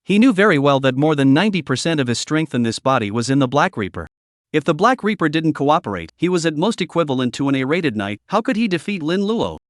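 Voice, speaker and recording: A man narrating a fantasy comic story recap in a steady, even reading. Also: fairly high pitch, fast talker, no room sound, studio quality.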